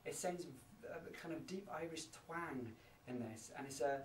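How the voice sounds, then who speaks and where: A man's voice: on the high side, moderate pace. A man working as a medium, describing his impressions on location with hesitant, searching speech full of fillers. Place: indoors at an old inn. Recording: echoey room, distant mic, faint noise.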